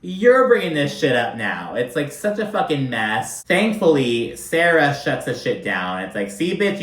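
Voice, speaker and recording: A man talks through a reality show in a loose, chatty way. He swears freely and keeps dropping in "like". His mid-pitched voice echoes around a roomy space. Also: fairly bright tone. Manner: profane, chatty, filler-heavy with constant "like". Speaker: reality TV recap commentator. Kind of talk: casual commentary.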